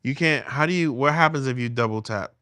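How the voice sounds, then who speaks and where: A man's voice: medium pitch, fairly quick, sharp tone, no echo, studio quality. A middle-aged man livestreaming from a phone held in his hand at home, chatting with viewers in a rambling way with many restarts. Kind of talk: casual livestream chat with viewers.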